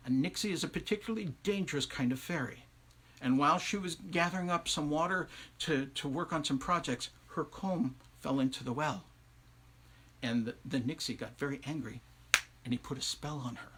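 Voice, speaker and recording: A male storyteller spinning an old folktale with lively asides to his audience. His voice sits a little high, bright and forceful, with a husky grain. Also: moderate pace. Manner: conversational, asides to listeners, animated. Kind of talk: oral folktale telling on a livestream.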